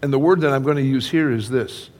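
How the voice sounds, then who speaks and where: An older man preaching a sermon in a church sanctuary, his voice carrying a long hall reverb. His pitch sits in an ordinary middle range, and he speaks to the congregation in a conversational way. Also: fast, a little mellow. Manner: conversational, addresses congregation directly. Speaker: pastor.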